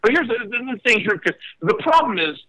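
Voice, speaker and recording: Animated, bright-voiced man on talk radio. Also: brisk, rough recording. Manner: animated, mocks others in high put-on voices. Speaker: radio co-host. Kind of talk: casual talk radio chat. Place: home in a Las Vegas suburb.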